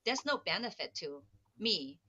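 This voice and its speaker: A woman's voice: mid-range voice, sing-song, pushed and bright, slight background noise. Earnest woman host on a dull, lo-fi line. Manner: earnest, halting, with fillers. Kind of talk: political talk.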